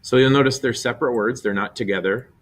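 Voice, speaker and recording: A man teaching a recorded Spanish grammar lesson, explaining step by step and slowly spelling out syllables. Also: medium pitch.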